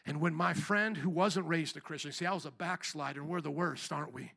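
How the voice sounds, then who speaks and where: A middle-aged man preaching a sermon as pastor, fiery and often shouting as he builds. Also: on the high side, fairly quick, vocal fry, few pauses. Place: church sanctuary.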